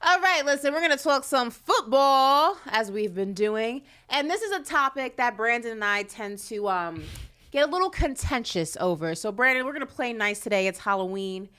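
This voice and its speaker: Lively woman hosting a sports show. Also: on the high side, moderate pace, clean tone. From New York. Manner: lively, assertive, steers the conversation. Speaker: host. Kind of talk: casual sports talk and scripted segments.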